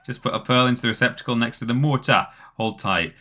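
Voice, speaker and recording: A man's voice: mid-range voice, fast, sharp tone, pitched above the performer's own voice, close to an everyday voice. A man voicing a jovial male rhino mechanic in a video game with a put-on Jamaican accent and hearty salesman patter. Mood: salesy.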